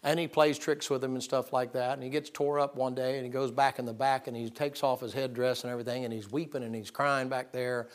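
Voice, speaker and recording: A man's voice: mid-range voice, little pitch movement, brisk, few pauses. A man preaching a sermon, telling stories in a folksy, emphatic, self-deprecating way.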